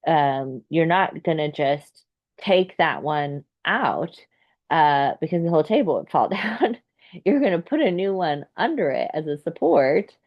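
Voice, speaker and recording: A woman in her thirties, a therapist, talking gently and reflectively, with a meandering pace and many fillers. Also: low voice, vocal fry, dry recording, dull audio. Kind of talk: reflective solo talk.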